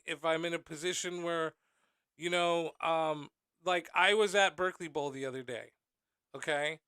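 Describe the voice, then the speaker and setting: A man's voice: a little high, bright, forceful tone, clear, resonant tone, no room sound. A man hosting a podcast, telling personal stories candidly and swearing freely as he acts out what people said. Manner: candid storytelling, swearing freely, acting out quotes. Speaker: podcast host. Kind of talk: casual podcast conversation.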